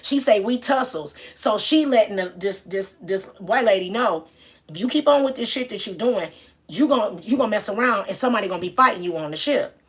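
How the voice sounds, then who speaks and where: A woman's voice: mid-range voice, animated, fairly quick. A woman telling a story casually and greeting viewers as she goes. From Detroit. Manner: chatty, shouts out viewers mid-story. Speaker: vlogger.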